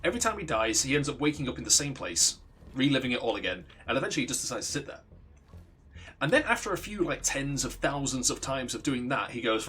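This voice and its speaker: A man's voice: medium pitch, sing-song, quick pace, a bit bright, husky. A young man streaming, casually telling a long backstory, profane and often restarting his sentences. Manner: rambling, profane, self-interrupting. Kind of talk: casual storytelling on a livestream.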